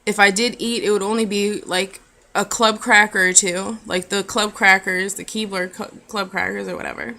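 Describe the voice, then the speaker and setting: A young woman vlogger telling a personal story in an earnest, halting, emotional way. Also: medium pitch, fairly even intonation, sharp tone. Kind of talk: personal confessional vlog.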